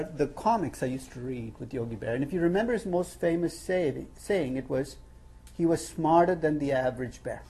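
A man's voice: a little high, a little hiss or hum. A man teaching a finance class, telling stories with wry humor. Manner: animated storytelling with wry humor. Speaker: finance professor. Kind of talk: classroom lecture.

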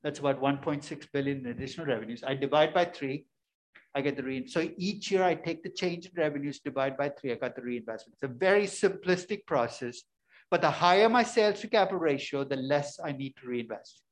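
A man's voice: on the high side, brisk. A man giving a classroom lecture, emphatic and conversational, often asking questions and answering them himself. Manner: emphatic, asks and answers his own questions. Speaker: finance lecturer.

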